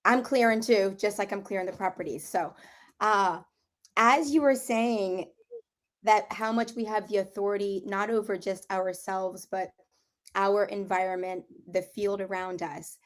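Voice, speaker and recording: A middle-aged woman with a slightly hoarse voice, telling a story in a casual group conversation and acting out what people said. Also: medium pitch, unhurried. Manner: animated storyteller, acts out quotes, laughs while telling. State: slightly hoarse, clearing throat. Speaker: property clearing practitioner.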